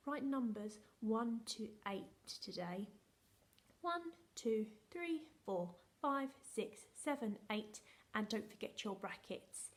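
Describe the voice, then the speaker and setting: Slow sing-song woman teaching phonics. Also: on the high side, expressive. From England. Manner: sing-song, slow and encouraging, drawing out letter sounds. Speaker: primary school teacher. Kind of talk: recorded phonics lesson for young children.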